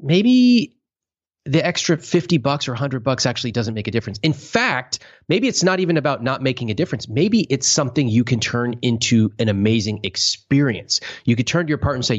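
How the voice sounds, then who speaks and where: A man hosting a podcast, telling stories in a casual, animated way and acting out quoted voices with big swings. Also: mid-range voice, a little fast, lo-fi sound. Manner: animated storyteller, acts out quotes in exaggerated voices. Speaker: podcast host.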